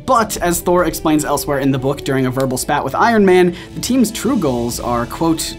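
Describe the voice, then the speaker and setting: A man's voice: a little high, expressive, moderate pace, hardly any pauses. A man hosting a scripted commentary video, speaking in a playful and self-mocking way. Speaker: video essay host. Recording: faint music behind.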